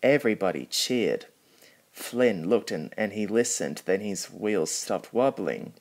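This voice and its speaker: A man reading a children's picture book aloud in a lowish voice. He goes very slowly and carefully, pausing between phrases. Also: expressive. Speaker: storybook reader. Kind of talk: storybook narration.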